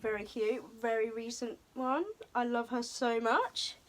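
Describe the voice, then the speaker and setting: A young woman talks casually to her camera, bubbly and chatty, her slightly high voice a little out of breath. She fills pauses with ums as she chats along. The sound comes from a camera on a tripod in a room. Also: level tone. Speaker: vlogger. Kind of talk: casual show-and-tell vlog. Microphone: camera mic on tripod, moved around.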